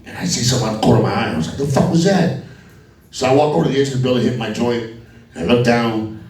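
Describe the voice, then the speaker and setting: Low-voiced profane stand-up comic. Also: male voice, a little mellow. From Alabama. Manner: crude, profane storytelling. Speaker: stand-up comedian. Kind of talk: stand-up comedy set. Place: comedy club stage. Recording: echoey club from a distance with crowd laughter.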